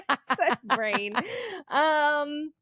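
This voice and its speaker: Animated higher-voiced woman in her forties. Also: no echo, studio quality. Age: 40s. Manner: animated, quick reactions and easy laughter. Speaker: podcast co-host. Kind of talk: casual chat.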